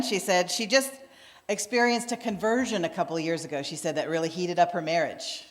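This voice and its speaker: A woman's voice: lowish voice, a little fast. A woman minister giving a sermon in a conversational storytelling manner, acting out the voices of people she quotes. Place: church sanctuary. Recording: long reverb of a church hall.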